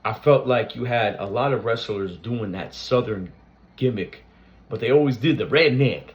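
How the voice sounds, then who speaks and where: Speaking fairly quickly in a mid-range voice, this reaction-channel host offers an informal tribute straight to camera. His talk is loose and full of fillers and false starts. The recording sounds muffled.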